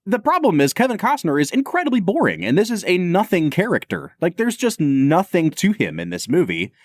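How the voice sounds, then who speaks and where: A man co-hosting a podcast in casual chat, animated and opinionated. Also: high-pitched, a little fast, no room sound, clean studio sound. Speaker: podcast co-host.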